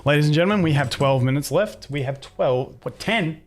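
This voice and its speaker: A man's voice: on the high side, animated, moderate pace, faint music behind. A young man streaming, chatting casually with viewers and telling rambling stories full of swearing. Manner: swears a lot, rambling storytelling with restarts. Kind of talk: casual live-stream chat.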